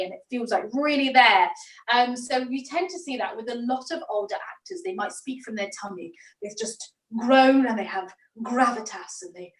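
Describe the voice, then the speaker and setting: A woman, a theatre director leading an online acting workshop, talking in a lively, demonstrative way. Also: high-pitched. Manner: lively, demonstrative, laughs often. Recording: echoey room, mic at a distance.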